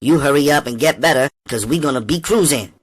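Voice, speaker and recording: A man's voice: medium pitch, a little fast, husky, no room sound, voice pushed up, natural voice. A man voicing a spoiled, brash teenage girl in an audiobook reading, slangy and upbeat. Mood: brash, coaxing.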